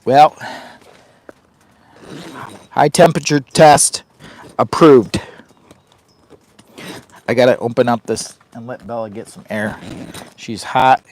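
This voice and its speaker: A man's voice: mid-range voice, slow, long pauses. A man chats loosely to his viewers from inside a heated tent on a rainy camping trip. He sweats in the heat and rambles from one thought to the next. Now and then he turns to his dog in a doting, sing-song tone. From Michigan. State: hot and sweating. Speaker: outdoor vlogger and live streamer. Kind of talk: casual live-stream chat.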